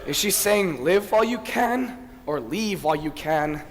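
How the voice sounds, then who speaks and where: Guy doing a chatty lovesick musical fan narrator, kinda high voice, big echoey theatre, faint hiss. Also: lively intonation, unhurried. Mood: confiding. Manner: chatty, confiding asides to the audience. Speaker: narrator character commenting on a record. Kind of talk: amateur stage musical acting. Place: theatre stage. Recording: reverberant stage hall with faint noise.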